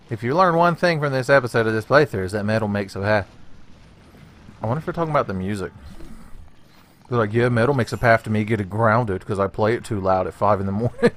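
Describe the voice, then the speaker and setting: A man's voice: fairly low pitch, fairly bright tone, slight background noise. A man hosting a gaming channel, rambling through a let's play with constant jokes, frequent laughter and casual swearing.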